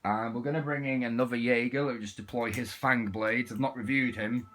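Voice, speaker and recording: A man's voice: medium pitch, steady tone, fairly quick, a bit bright, a little hiss or hum. A man casually reviewing an action figure, chatting as he demonstrates its parts. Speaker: toy reviewer.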